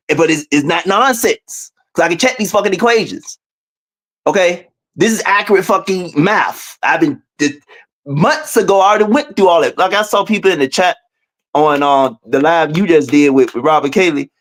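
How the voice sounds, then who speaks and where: A man speaking as a guest over a video call, telling his story in an animated, profane way, dropping to low mutters and jumping to high exclaims. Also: a little fast.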